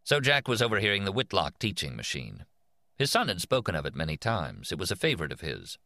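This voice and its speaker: A man narrating an audiobook in a measured, expressive reading voice. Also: sits low, no echo, clean studio sound.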